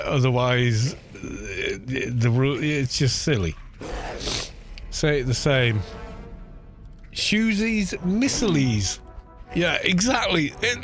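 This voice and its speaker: A British man chatting casually and laughing often while live-streaming a game, teasing how words are pronounced. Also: medium pitch. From Britain. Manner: chatty, amused, laughs often, mocking put-on pronunciations.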